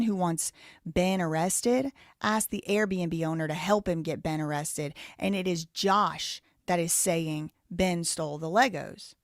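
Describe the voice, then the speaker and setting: A woman's voice: lowish voice, dry recording, studio quality. A woman with a Southern American accent hosting a live show, chatting casually and reading out viewer donations and messages. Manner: chatty, thinks aloud, reads viewer messages. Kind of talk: casual live-stream commentary.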